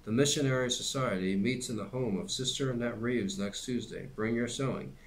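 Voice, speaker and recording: A man's voice: mid-range voice, brisk, slight background noise, pitched above the performer's own voice, natural voice. A man voicing a stern, stocky preacher who declaims from the pulpit. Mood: preaching. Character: stern stocky male preacher, middle-aged.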